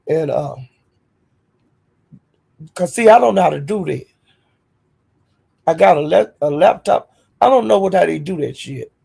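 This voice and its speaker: A woman hosting a livestream and telling a story as a heated rant, profane and scolding, with animated storytelling. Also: fairly low pitch, gravelly, slightly rough. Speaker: livestream host.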